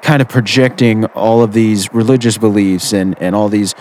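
A man's voice: fairly low pitch, steady tone, normal speed, darkish tone, a little hiss or hum. A man hosting a call-in radio show, easygoing and moving the calls along.

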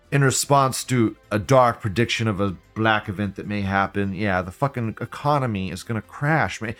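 A man's voice: fairly low pitch, moderate pace, few pauses, fairly bright tone, faint music behind. A man hosting a live show, reading viewer comments aloud and reacting in a blunt, profane, ranting way. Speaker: livestream host.

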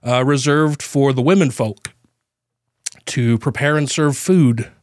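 A man co-hosting a podcast, telling a personal story in casual chat, halting with fillers and nervous laughs, grief close to the surface. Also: medium pitch, no room sound. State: grieving, voice near tears. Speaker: podcast co-host.

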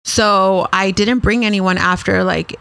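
A woman's voice: medium pitch, steady tone, unhurried, gravelly, fairly bright tone, clear, resonant tone. A woman telling stories as a podcast guest, chatty and swearing freely, laughing often. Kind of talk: casual chat.

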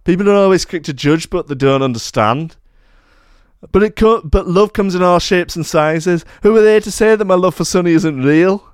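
A man's voice: moderate pace, smooth, no echo, studio quality, natural voice. A man voicing a grown man in love with a piece of furniture, speaking in a Black Country accent with an earnest, gushing manner. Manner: earnest, gushing, high and strained. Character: lovesick grown man in love with his sideboard.

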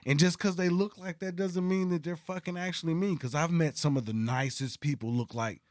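A casual man from Dallas spins rambling, profane stories, laughing as he goes. His voice sits a bit higher than most men's, recorded close and dry with no room sound. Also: fairly even intonation, a little fast, dry recording. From Dallas, Texas. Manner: storytelling, profane, laughs often, playful voice impressions. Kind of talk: casual chat.

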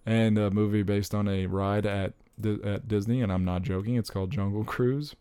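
A young man chatting casually about upcoming movies, rambling and excitable, with frequent exclamations. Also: lowish voice, normal speed, clear, resonant tone, no room sound.

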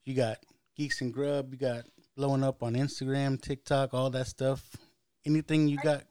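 A man's voice: medium pitch, little pitch movement, moderate pace, darkish tone, smooth, dry recording, studio quality. A man hosting a podcast interview, easygoing and casual, with frequent hesitant ums between his questions. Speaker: podcast host.

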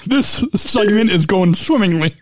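A man's voice: high-pitched, lively intonation, unhurried, slight background noise. A man co-hosting a podcast in casual chat, joking and laughing often. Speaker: podcast co-host.

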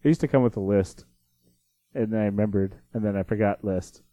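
A man co-hosting a podcast in casual chat, quick and joking as he leads the conversation. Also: on the low side, mellow. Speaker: podcast co-host.

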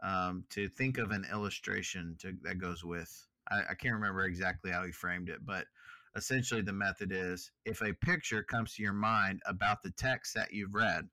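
Bright-voiced man co-hosting a faith podcast. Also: low-pitched, fairly even intonation, moderate pace, no echo. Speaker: podcast co-host. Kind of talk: casual Bible study chat.

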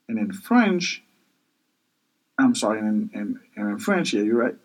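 A man's voice: fairly low pitch, big pitch swings, unhurried, pauses often, rough recording. A man teaching kitchen vocabulary, patiently repeating each word several times and spelling words out for learners. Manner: self-correcting and spelling words out. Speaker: language teacher.

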